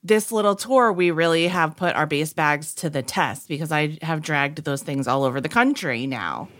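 A woman's voice: deep voice, moderate pace, fairly bright tone. A woman co-hosting a live chat, joining in with playful, teasing banter.

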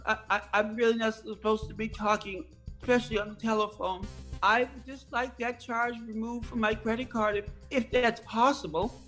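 A woman voicing her own frail, dazed self just after surgery, with a halting, stammering, breathless way of speaking. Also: a little high, steady tone, fairly bright tone, soft background music, pitched above the performer's own voice, close to an everyday voice. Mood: frail, pleading.

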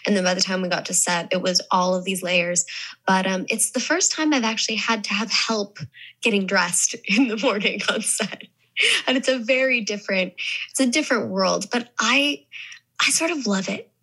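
A woman's voice: medium pitch, moderate pace, bright, forceful tone, breathy edge, low-quality recording. A young adult woman from the American South, chatting thoughtfully as an actress interviewee, with many restarts and fillers. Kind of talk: casual interview chat.

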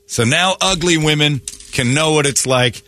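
A man's voice: on the high side, moderate pace, sharp tone. A man hosting a morning radio show, brash and mocking, full of crude comic banter. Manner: brash, mocking, slips into silly put-on voices. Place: radio studio.

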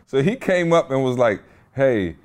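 This podcast co-host is a man with a mid-range voice who speaks at a moderate pace. On the casual show he tells stories animatedly and laughs a lot.

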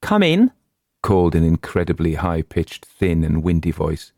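A man narrating a short horror story in a measured, deliberate way. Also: extremely low pitch, level tone, vocal fry, dark tone, no room sound, clean studio sound. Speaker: story reader.

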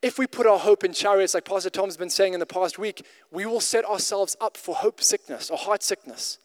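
High-voiced male pastor, casual and emphatic sermon with lots of stuttered restarts, long hall reverb. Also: brisk. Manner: repetitive restarts, conversational and emphatic.

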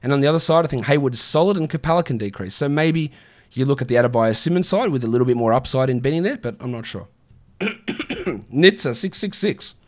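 A man's voice: mid-range voice, expressive. Chatty man hosting a show. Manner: chatty, offhand, quick answers to viewer questions. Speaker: fantasy basketball show host. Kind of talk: casual live-stream Q&A.

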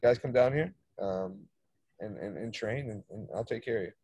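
A man, a soccer coach, telling a story in casual chat, animated, swearing freely and acting out the dialogue. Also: fairly low pitch, moderate pace, husky, no room sound. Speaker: soccer coach, podcast guest.

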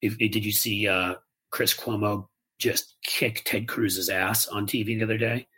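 A man's voice: lowish voice, steady tone, normal speed, pushed and bright, slightly rough. A man co-hosting a podcast, chatting casually and animatedly, mocking people in put-on voices. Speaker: podcast co-host. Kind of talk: casual political chat.

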